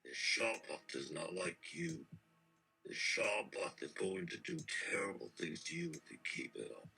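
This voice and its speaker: A man's voice: deep voice, expressive, moderate pace, vocal fry, pushed and bright, faint music behind, exaggerated voice, poor audio. A man reading out the answers of a menacing shapeshifting shoggoth monster in character, pompous and threatening, speaking in proclamations. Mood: indignant.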